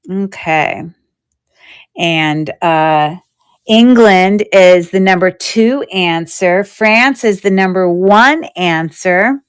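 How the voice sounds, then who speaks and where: A woman's voice: lowish voice, takes it slowly, smooth. A woman hosting a live jewelry sale in casual, rambling chat, thinking aloud as she shows each piece.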